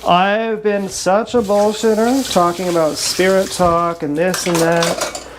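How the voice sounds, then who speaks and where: A woman's voice: lowish voice, steady tone, slow pace, background noise. A woman talking in a rambling, improvised livestream monologue, blunt, sarcastic and mocking herself. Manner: wandering, half-improvised talk. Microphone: action camera.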